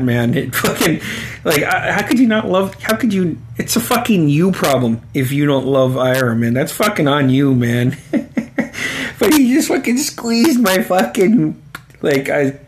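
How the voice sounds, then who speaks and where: A man's voice: mid-range voice, a little hiss or hum. Man in his forties telling profane stories. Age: 40s. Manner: profane, laughing, rambling. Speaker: storyteller. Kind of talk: casual spoken storytelling.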